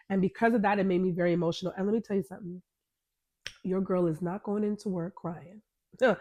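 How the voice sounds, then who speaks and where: A woman's voice: fairly low pitch, darkish tone. A woman hosting her podcast, candidly telling a personal story in a conversational way and retelling the dialogue. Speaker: podcast host.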